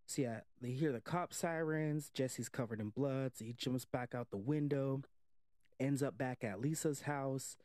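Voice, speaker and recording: A man's voice: mid-range voice, unhurried, no echo, clean studio sound. A man casually retelling a movie plot in a loose, rambling way, full of "like" and the odd curse word. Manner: animated storytelling, slipping into quoted voices; loose, rambling, with swearing and frequent "like". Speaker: movie reviewer.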